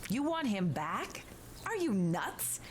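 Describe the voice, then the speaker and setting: A woman's voice: medium pitch, very animated, slow pace. An actress playing a blunt, mocking female radio advice doctor in a game, heard through game audio. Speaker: radio advice show host.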